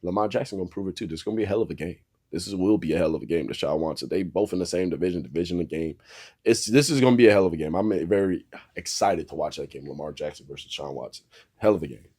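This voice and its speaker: A young man with a low, deep voice and a warm, mellow tone talks football picks. He is casual and profane, swears freely, and trash-talks the teams as he goes. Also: very fast, breathy edge. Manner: profane, animated, trash-talking. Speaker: sports talk host. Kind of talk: casual sports talk.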